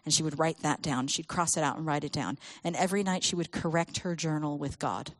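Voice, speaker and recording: A woman speaking to a church audience about children and faith, telling stories with lively acted quotes. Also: sits low, fairly quick, no room sound. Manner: animated storytelling with acted quotes.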